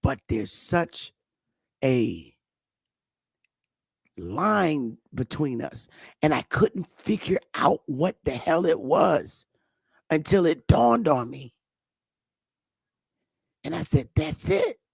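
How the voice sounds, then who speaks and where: A woman from Connecticut hosts a casual talk and speaks slowly and deliberately, with a gravelly edge to her voice. Her manner is emphatic and outspoken. The sound is dry and close, with no room around it. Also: low-pitched, big pitch swings, a little mellow, no echo. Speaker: host. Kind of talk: casual conversation.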